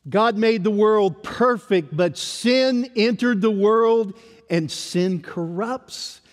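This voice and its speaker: Slow, emphatic preacher in a reverberant hall. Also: male voice, sits high. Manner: emphatic, drops to a hush at phrase ends. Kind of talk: sermon.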